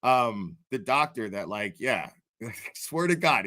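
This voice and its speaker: Man, casual profane storytelling, frequent laughter, rambling restarts, mid-pitched voice. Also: sing-song, unhurried, pushed and bright. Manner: laughs often, swears constantly, rambling restarts. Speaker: commentary streamer.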